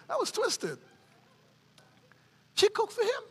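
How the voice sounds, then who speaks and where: A middle-aged woman preacher giving a sermon, mixing animated preaching with folksy stories about her family. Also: very high-pitched, big-room sound, noisy background.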